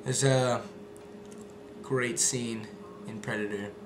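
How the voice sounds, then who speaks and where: A man's voice: medium pitch, fairly even intonation, takes it slowly. A young man chatting casually and rambling, with lots of fillers and swearing. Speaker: video maker. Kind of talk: casual vlog chat. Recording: echoey room with background noise.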